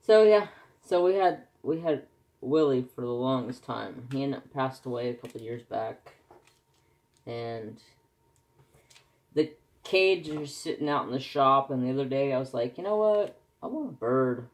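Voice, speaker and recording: A man's voice: medium pitch, measured pace, long pauses. A man, chatting casually and rambling as he answers questions for his crafting vlog. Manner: rambling, folksy, self-correcting. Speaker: crafting vlogger. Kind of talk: casual chat.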